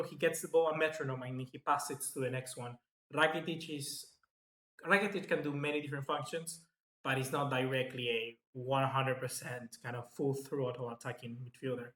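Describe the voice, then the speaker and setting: A man hosting live football match reaction commentary, chatty and excitable, reading out viewer comments. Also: fairly high pitch. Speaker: football fan channel host. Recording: echoey room.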